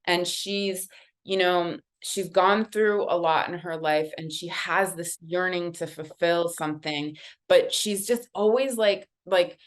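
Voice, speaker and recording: An expressive woman with a slightly low voice tells a story as she turns over oracle cards. She speaks casually, with lots of "like" and "you know", and her tone rises and falls with the tale. The conversation feels loose and personal. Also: slow pace. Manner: animated, conversational, many fillers. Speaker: guest artist reading oracle cards. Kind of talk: casual storytelling during a card reading.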